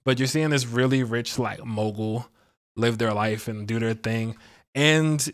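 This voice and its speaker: A man hosts a relaxed livestream tarot reading, his voice sitting at an ordinary middle pitch. He talks in a loose, playful way, pokes fun at himself and leans on plenty of fillers. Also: a little slow. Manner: chatty and playful, laughs at himself, many fillers. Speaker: astrology and tarot reader, livestream host.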